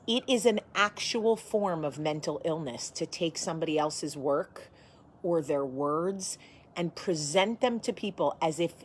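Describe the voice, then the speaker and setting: A woman hosting a casual chat to camera from her home, blunt and sassy in manner. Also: on the low side. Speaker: host.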